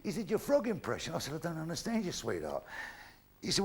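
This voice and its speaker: A man's voice: on the high side, huge pitch swings, fast, husky. An older man doing stand-up comedy, blunt and full of swearing, acting out the voices in his jokes. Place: theatre stage before a live audience.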